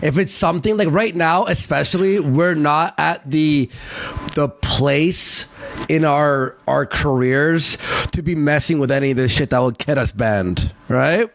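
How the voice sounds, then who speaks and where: A man co-hosting a livestream, speaking in a hesitant, halting, agreeable way in casual chat. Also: a little high, gravelly. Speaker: livestream co-host.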